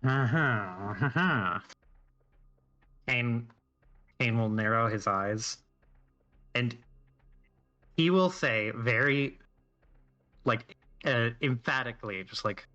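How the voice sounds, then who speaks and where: A man's voice: medium pitch, takes it slowly, long pauses, pushed and bright, highs cut off, faint music behind. A man playing a tabletop game, describing his character's actions in a loose, rambling way. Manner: rambling, with many fillers and restarts. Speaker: player.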